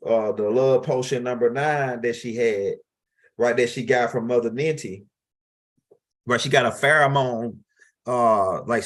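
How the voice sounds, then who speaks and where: Middle-aged male teacher, casual and rambling, plain mid-range voice, lots of restarts. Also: mid-range voice. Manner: rambling and street-casual, with frequent restarts and asides. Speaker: teacher of an esoteric class. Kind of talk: loose, casual lecture.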